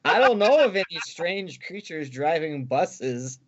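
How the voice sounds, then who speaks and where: A man's voice: a little high, sing-song, measured pace, highs cut off. A man co-hosting a casual chat, making wry, chuckling asides. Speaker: co-host.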